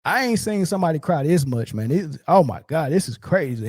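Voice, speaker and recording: A man hosting a sports commentary show, ranting in a mocking, profane and animated way. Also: on the high side, a little fast, slightly rough, no echo.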